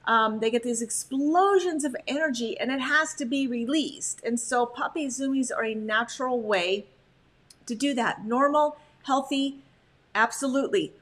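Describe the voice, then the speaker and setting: A woman dog trainer giving a chatty, animated slide talk on puppy behavior, full of "like" fillers. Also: a little high.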